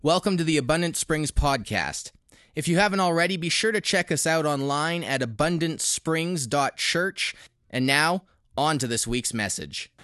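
A high-voiced male pastor telling a story in his sermon. He often restarts phrases and drops into playful quoted voices. His tone shifts from lively to hushed and low. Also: moderate pace.

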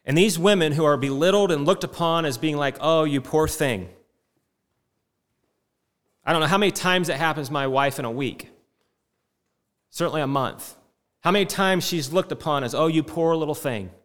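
A man's voice: fairly high pitch, a little fast, a bit bright. A middle-aged man preaching a sermon with impassioned, rising and falling delivery. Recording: long reverb in a hall.

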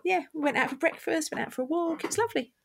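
A woman's voice: extremely high pitch, racing, creaky, slight background noise. A woman co-hosting a podcast, upbeat and enthusiastic, laughing often. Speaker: podcast co-host. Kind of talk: casual chat.

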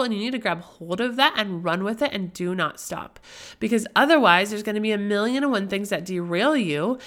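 A young woman with a mid-range, fairly bright voice hosts a casual faith-based podcast. A lingering cold leaves her sounding nasal and tired as she chats, drifts into tangents, and often asks "right?"

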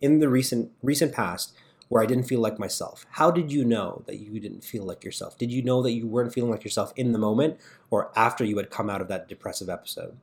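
A man from Canada, a guest on a podcast, talking fast and emphatically about leadership and asking rhetorical questions. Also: medium pitch. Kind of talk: casual podcast conversation.

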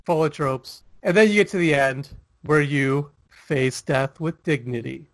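A man's voice: a little high, unhurried, no echo. A man co-hosting a casual chat, rambling with lots of fillers and laughing often. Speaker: podcast co-host.

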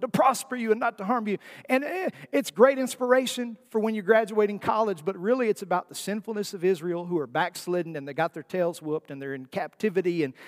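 A man preaching a sermon in a folksy, emphatic way, asking his listeners rhetorical questions. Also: high voice. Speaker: pastor. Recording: long hall reverb.

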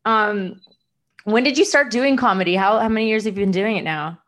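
A woman's voice: medium pitch, fairly quick, a bit bright. A woman hosting a casual podcast interview, chiming in with short reactions and questions. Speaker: podcast host.

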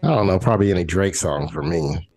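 A man's voice: deep voice, animated, quick pace, a little mellow, husky. A man in a casual podcast chat, laughing often and cussing emphatically.

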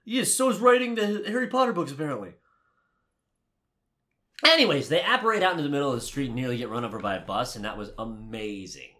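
A man co-hosting a casual movie review podcast, ranting with lots of swearing, swinging from heated shouting to low muttering. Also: sing-song, quick pace, pauses often. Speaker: podcast co-host.

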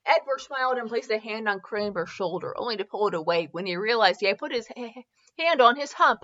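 A woman's voice: a little high, lively intonation, fairly quick, a bit bright, dry recording. A woman reading a comic fanfiction aloud, giggling and stumbling over words, on a slightly dull recording. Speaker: fanfiction reader.

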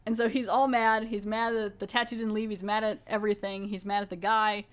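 A woman's voice: medium pitch, little pitch movement, a little fast. A woman podcast host casually recapping a TV episode, chatty and full of fillers and restarts.

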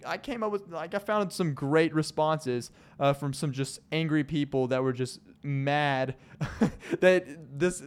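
A man's voice: medium pitch, smooth. A young man hosting his own podcast, chatting casually in a rambling, jokey way and laughing often. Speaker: podcast host. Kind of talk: casual solo podcast chat.

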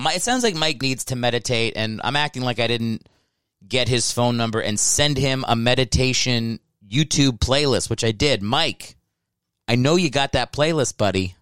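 A man in his thirties from Ohio hosts a solo podcast, rambling and cracking profane jokes. His voice is smooth and clean, close on the mic in a dry, dead room. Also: mid-range voice, normal speed, a bit bright, no room sound. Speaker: podcast host and stand-up comedian. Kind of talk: casual solo podcast monologue. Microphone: close microphone.

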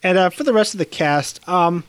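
A man's voice: high voice, normal speed, a bit bright, clear, resonant tone, dry recording. A man co-hosting a casual film review podcast, speaking hesitantly with many fillers.

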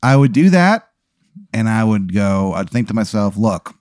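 A man's voice: lowish voice, sing-song, normal speed, darkish tone, no echo, clean studio sound. A man as a podcast guest, playfully thinking aloud through an absurd hypothetical with restarts. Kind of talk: casual podcast chat.

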